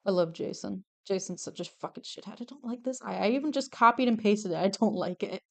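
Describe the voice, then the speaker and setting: A woman's voice: medium pitch, brisk, vocal fry. A young adult woman streaming while she draws, chatting casually, gushing over characters and swearing freely, often trailing off mid-sentence. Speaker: streamer drawing commissioned art. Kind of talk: casual livestream chat while drawing.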